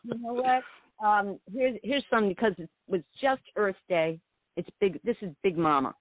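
A woman's voice: medium pitch, animated, moderate pace, no room sound. A woman poet being interviewed on the radio, speaking in a meandering, reflective way. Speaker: poet guest. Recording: tinny phone line.

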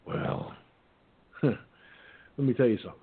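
Blunt, husky-voiced male radio host. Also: mid-range voice, lively intonation, slow. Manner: blunt and profane, storytelling. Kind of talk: call-in radio talk. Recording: phone-like line.

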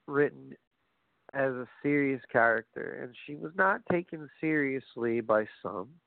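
A man ranting casually about wrestling, profane and animated, addressing his audience directly. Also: medium pitch, measured pace, vocal fry, dry recording. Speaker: wrestling commentary host. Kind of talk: casual opinionated wrestling talk. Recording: phone-like lo-fi audio, dry.

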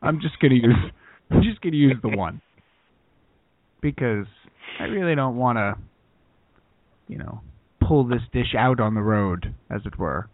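A timid TV chef who dodges every flavor and mumbles through his steps, played by a man. His pitch jumps around even as he hedges. The sound is dry and thin, like a phone line. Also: a little slow, long pauses, dry recording, natural voice. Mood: deadpan. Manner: hesitant, mumbling, low-key.

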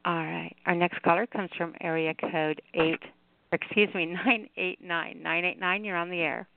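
A woman hosting a call-in radio show, affectionate and quick to laugh, heard over a tinny phone line. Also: fairly low pitch, fairly even intonation, gravelly, a little hiss or hum.

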